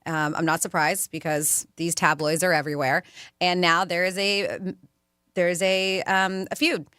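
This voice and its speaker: A woman co-hosting a radio talk show, telling stories in an animated, chatty way. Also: on the low side, normal speed, smooth, no echo, clean studio sound. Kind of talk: casual radio chat.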